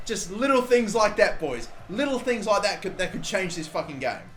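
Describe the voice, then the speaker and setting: A man's voice: sits high, sing-song, moderate pace, fairly bright tone. A man in his twenties giving profane, chatty commentary over a football video game and talking straight to his viewers. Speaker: gaming YouTuber. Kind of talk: live gameplay commentary. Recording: roomy with faint background noise.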